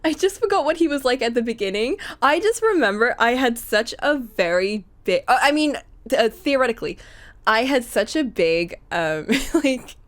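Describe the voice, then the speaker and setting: A woman's voice: on the high side, very animated, normal speed. A woman chatting casually while playing a story game, giggly and rambling, correcting herself as she goes. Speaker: game co-player.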